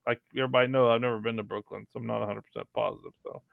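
A man's voice: medium pitch, fairly even intonation, very fast, vocal fry, no room sound. A man giving a hesitant opinion in casual review chat, with many "um" fillers. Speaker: podcast panelist. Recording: tinny phone line, dry.

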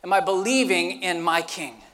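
High, bright-voiced animated preacher. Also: male voice, normal speed, long reverb tail. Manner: animated storyteller, acts out scenes with sound effects. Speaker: pastor. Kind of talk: sermon with storytelling.

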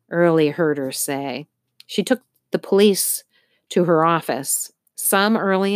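A woman reading a children's novel aloud as audiobook narrator, in a steady storytelling manner. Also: low voice, no echo, studio quality. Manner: steady storytelling, occasional slips. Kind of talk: scripted narration.

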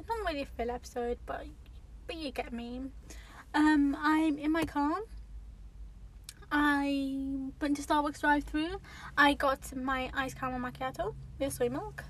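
A woman's voice: high-pitched, rough recording. A young woman hosting her own podcast from a parked car, chatting casually and rambling with lots of fillers and self-corrections. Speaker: podcast host. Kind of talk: casual solo podcast chat. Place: parked car in a car park near an airport. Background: faint airplane noise.

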